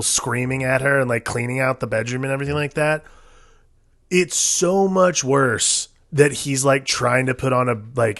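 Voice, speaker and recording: Dude co-hosting a movie podcast, easygoing mid voice, lots of yeahs and rights. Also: male voice, mid-range voice, a bit bright. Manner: agreeing, chiming in with short replies. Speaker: podcast co-host. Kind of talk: casual film discussion.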